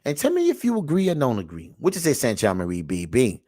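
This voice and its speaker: A man lectures his audience like a street preacher, and his voice leaps all over its pitch range. Low, muttered asides give way without warning to loud, emphatic shouting. He circles back to repeat his points and keeps calling on listeners to pay attention. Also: wildly swooping pitch, fast, no echo, clean studio sound. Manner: sermon-like, repeats himself, calls out to the audience. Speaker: online show host reacting to clips. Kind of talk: preachy reaction commentary.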